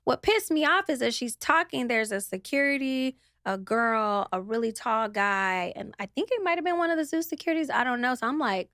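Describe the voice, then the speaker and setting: A woman's voice: a little high, moderate pace, few pauses, fairly bright tone, no echo, clean studio sound. A young adult woman, a guest in a casual interview, telling a story with animation, mimicking other people and swearing freely.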